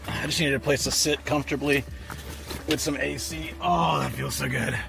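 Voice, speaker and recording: A man's voice: a little high, fairly even intonation, normal speed, creaky. A man chatting casually to viewers during a travel live stream, rambling and talking straight to his audience. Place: city streets, then a parked car. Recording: music playing under the voice. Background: music.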